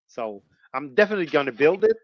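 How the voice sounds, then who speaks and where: A man's voice: fairly high pitch, sing-song, fast talker, dry recording, dull audio. A man from Canada co-hosting a casual chat, hesitant and stammering with repeated words. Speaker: co-host.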